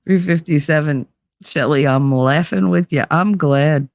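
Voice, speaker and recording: A sleepless, frazzled woman from New Jersey hosts a loose livestream, chatting with viewers and swearing freely. Her voice has a rough, gravelly edge. The sound is dry and close, with no room around it. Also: sits low, unhurried, darkish tone, dry recording. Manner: rambling, profane, reads chat aloud. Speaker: livestream host. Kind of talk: casual livestream chat.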